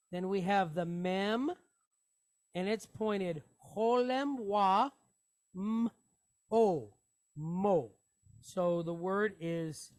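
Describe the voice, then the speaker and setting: A woman's voice: medium pitch, slow, a little mellow. A woman teaching a Hebrew reading lesson, patiently sounding out each syllable and repeating words aloud.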